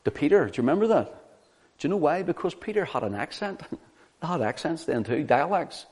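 A man preaching a sermon, teaching from the Bible in an animated way and often asking the listeners rhetorical questions. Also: a little high, brisk, breathy edge.

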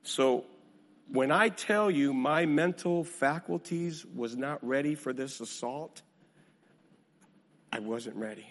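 A male minister preaching a sermon, swinging from hushed storytelling to booming emphasis with a repetitive cadence. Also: slow pace, pauses often, big-room sound.

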